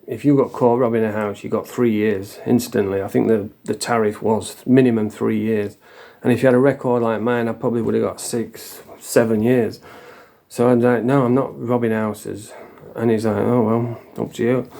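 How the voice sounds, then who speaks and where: Middle aged english guy, mellow low voice, sweary and blunt, just telling it straight. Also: fairly even intonation, moderate pace, gravelly. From England. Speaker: vlogger. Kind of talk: casual storytelling.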